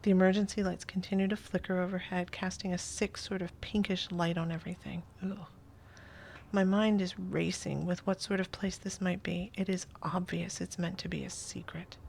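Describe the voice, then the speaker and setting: Softly narrating woman, low voice. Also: flat delivery, moderate pace, gravelly, slight background noise. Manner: soft, often half-whispered reading. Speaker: host reading an interactive story. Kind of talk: first-person story narration with asides.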